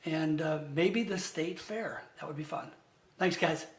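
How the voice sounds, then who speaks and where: A man's voice: fairly high pitch, a little slow, slight background noise. A man singing rock songs unplugged, strumming a guitar, with a Midwestern American accent, then thanking viewers. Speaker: musician. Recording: echoey room with loud guitar.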